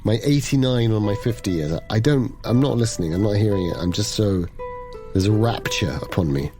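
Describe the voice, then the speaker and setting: A man's voice: on the low side, a little fast, music in the background. Theatrical man playing in character. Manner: theatrical, dreamy in-character musing. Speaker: player. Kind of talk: playing a character in a tabletop game.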